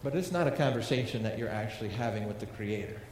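A man's voice: on the low side, lively intonation, fast, a little mellow, a little hiss or hum. Man preaching in an echoey church hall. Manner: conversational preaching, asks the congregation questions. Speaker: pastor. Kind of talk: sermon. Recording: echoey hall with long reverb.

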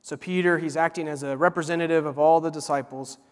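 A man preaching a sermon, earnest and emphatic, slowing down to repeat words for weight. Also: fairly high pitch, fairly even intonation. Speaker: pastor. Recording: long hall reverb.

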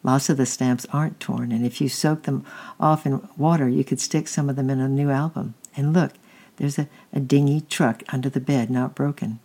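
A reader voicing a kind, patient aunt who gently comforts and coaxes a child and preaches a little. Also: mid-range voice, fairly even intonation, moderate pace, natural voice. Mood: soothing.

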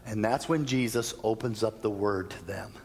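A male pastor preaching a sermon in a church, telling the story in an animated way and changing his pace for emphasis. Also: lowish voice, moderate pace, a little hiss or hum. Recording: long church reverb.

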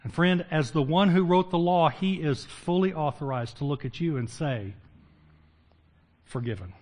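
Older pastor preaching, high-pitched man. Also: normal speed. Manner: conversational, jokes with the congregation; swings from loud emphatic to low hushed. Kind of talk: sermon.

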